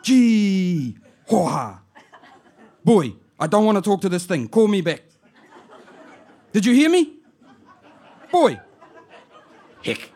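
A man doing a loud, laughing old auntie. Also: sits high, very animated, slow, pauses often, pitched above the performer's own voice, full character voice. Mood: teasing. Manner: loud, laughing, mixes in Māori words. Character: boisterous elderly aunt, loud and teasing. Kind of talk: comic voice in a spoken-word poem.

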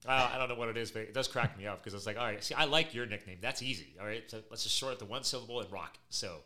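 A middle-aged man hosts a podcast in an easygoing, conversational way. He talks quickly, and his voice is bright and forceful. His stories come out animated and full of laughter. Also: medium pitch. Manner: energetic, animated storytelling with laughs. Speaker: podcast host. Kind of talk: casual podcast chat.

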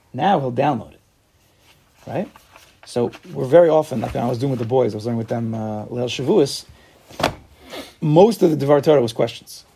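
A man teaching a casual Torah class, animated, acting out little dialogues and asking rhetorical questions. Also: medium pitch, vocal fry, a little hiss or hum.

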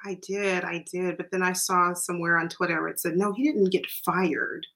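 A woman joining a casual sports talk show, speaking in a measured, conversational way. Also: fairly low pitch, flat delivery, a bit bright.

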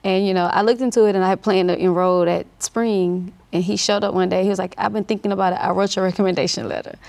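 A woman's voice: mid-range voice, steady tone, quick pace, creaky, darkish tone. A woman, a nurse practitioner and clinic owner, answering interview questions with fluent storytelling.

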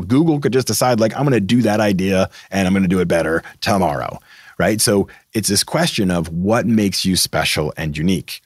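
A man's voice: sits low, no echo, studio quality. A man from Massachusetts hosting a career advice podcast, talking emphatically and putting rhetorical questions to his listeners. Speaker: podcast host.

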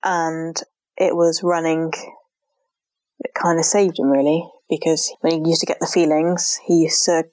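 Young woman, earnest, heartfelt, somewhat low voice, dry close sound. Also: level tone, a little slow, darkish tone, dry recording. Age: young adult. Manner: earnest and heartfelt, with frequent "like" fillers. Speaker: interviewee, mother sharing her story. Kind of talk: emotional personal account.

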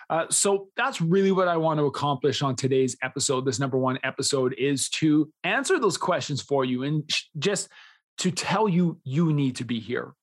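A man's voice: a little high, normal speed. A man in his thirties hosting a solo podcast, talking in an earnest, enthusiastic way, often smiling as he speaks. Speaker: podcast host.

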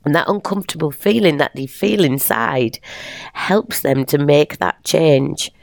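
A middle-aged woman hosting a podcast, talking in an animated, playful way and laughing often. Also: deep voice, unhurried, gravelly, dry recording, clean studio sound. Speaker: podcast host and teacher. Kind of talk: casual motivational monologue.

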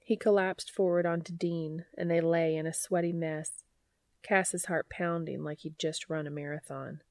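Podfic narrator: woman, low-pitched, dry close recording, even and unhurried delivery. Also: dry recording. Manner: even, unhurried, quiet reading. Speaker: podfic reader. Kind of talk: audiobook narration of fan fiction.

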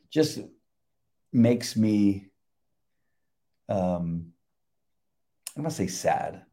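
Deep, mellow-voiced older man, reflective. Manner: halting, repeats and restarts, reflective. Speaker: retired police officer, co-host. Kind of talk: casual faith conversation.

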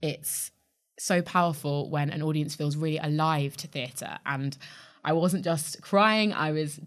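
A woman's voice: deep voice, unhurried. A woman hosting a podcast interview, effusive and openly emotional. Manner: effusive and warm-hearted, emotional. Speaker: podcast host.

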